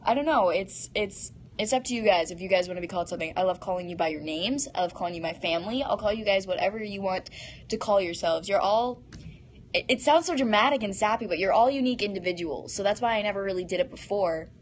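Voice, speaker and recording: A woman's voice: mid-range voice, fast talker, a little hiss or hum. A teenage girl hosting a casual live stream, reading fan comments aloud and answering them in a bubbly, giggly way into a phone.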